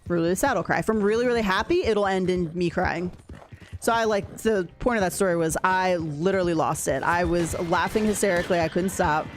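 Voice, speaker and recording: A woman's voice: fairly low pitch, brisk, slight background noise. A woman chatting casually with her viewers while playing a game, laughing often as she talks. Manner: chatty, laughs often, reads and answers chat. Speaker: game streamer. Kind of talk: casual chat while gaming.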